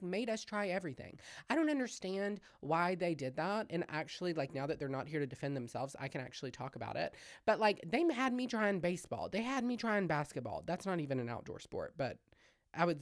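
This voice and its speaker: A man's voice: dry recording, studio quality. Chatty young Southern man with a twang. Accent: Southern US, Louisiana twang. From Louisiana. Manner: chatty, gossipy, self-deprecating, lively swings in pitch and loudness. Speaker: comedian podcast host. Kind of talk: casual solo podcast chat. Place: home-made podcast set with hung backdrop.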